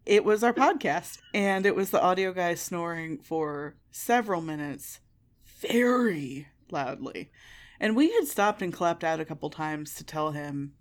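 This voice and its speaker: Midwestern woman podcast co-host, low-ish voice, candid and profane, self-mocking chat. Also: expressive, a little slow. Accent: Midwestern American. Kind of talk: casual chat.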